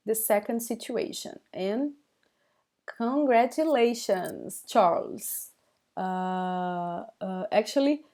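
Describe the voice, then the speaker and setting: A woman with a Brazilian accent, a native Portuguese speaker, teaching a live online language lesson in English, halting and full of fillers, checking in with viewers often. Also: medium pitch, darkish tone. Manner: slow, halting, many fillers and restarts; addresses viewers as guys, checks with okay.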